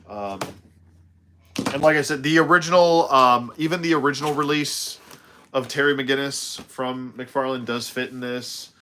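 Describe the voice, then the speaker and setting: A man's voice: mid-range voice, normal speed, pushed and bright, slight background noise. A tired man chatting casually while he unboxes a toy live, rambling with self-deprecating asides. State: tired, yawning.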